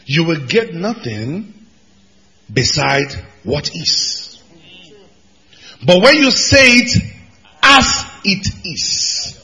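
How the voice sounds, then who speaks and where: A man preaching a sermon as pastor, emphatic, jumping from shouted lines to low asides. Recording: hall reverb.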